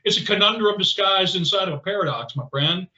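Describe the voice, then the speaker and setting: Animated, rambling man with a bright voice. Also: high-pitched, fairly quick. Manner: rambling, animated, many fillers and restarts. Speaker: podcast co-host. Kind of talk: casual conversational chat. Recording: roomy, slightly dull podcast audio.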